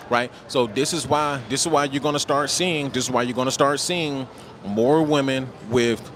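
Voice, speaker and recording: A man's voice: mid-range voice, steady tone, moderate pace, a bit bright, slight background noise. A man from the United States hosting a livestream, talking in a casual, slangy, emphatic way and ending nearly every point with "right?". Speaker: livestream host.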